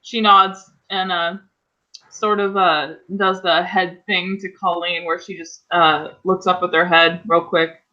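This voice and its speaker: Tabletop player narrating their character, bright voice, muffled lo-fi call sound. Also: mid-range voice, level tone, measured pace. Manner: rambling, describes character actions with fillers. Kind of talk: casual role-play narration. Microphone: online voice call.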